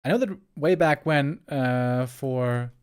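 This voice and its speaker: A man's voice: mid-range voice, takes it slowly, smooth. A German man with an American-tinged English accent, chatting casually with stream viewers as an esports caster, rambling and repeating words as he searches for them. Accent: German with American-style English.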